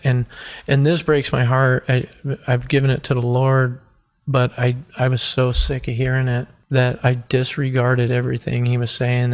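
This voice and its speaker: A man in his forties from the United States, telling his own hard story on a podcast. He speaks earnestly and haltingly, restarting his sentences often. His voice stays almost completely flat and level, at a middling pitch. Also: clear, resonant tone. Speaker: podcast guest. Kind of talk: personal testimony in an interview.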